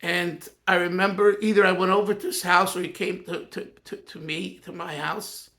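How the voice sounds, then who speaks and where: A man, a Yiddish speaker, reminiscing in a personal talk as a rabbi, earnest and halting with many restarts. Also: high voice, steady tone, fairly bright tone. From United States.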